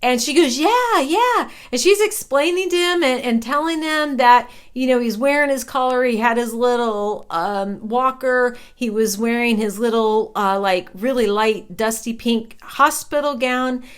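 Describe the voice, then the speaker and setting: A woman's voice: a little high, unhurried, few pauses, smooth. A woman telling a personal ghost story in a chatty, conversational way, often checking in with "right?".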